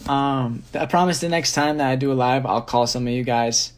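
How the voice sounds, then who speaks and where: A man's voice: medium pitch, moderate pace. A young man, a dancer, chatting casually on a phone livestream and rambling through fan questions with frequent ums.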